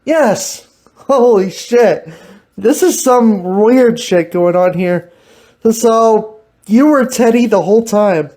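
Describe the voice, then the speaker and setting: A woman's voice: fairly high pitch, lively intonation, slow, mellow. A woman hosting a casual improvised chat, teasing and laughing often. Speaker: host.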